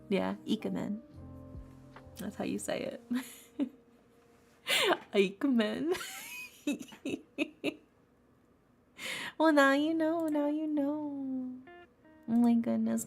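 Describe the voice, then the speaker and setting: Gravelly woman streamer yapping thru a tarot reading, low voice, lofi music faint in the back. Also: fairly even intonation, slow, long pauses, darkish tone. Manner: rambling, chatty, laughs often, repeats herself. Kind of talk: casual live-stream chat. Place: home streaming setup.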